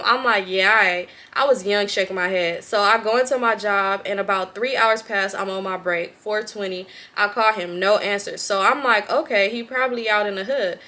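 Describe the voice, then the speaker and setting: A young woman with a Southern Californian accent, a vlogger reading a viewer's story aloud with lots of profanity and animated reactions. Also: mid-range voice, moderate pace.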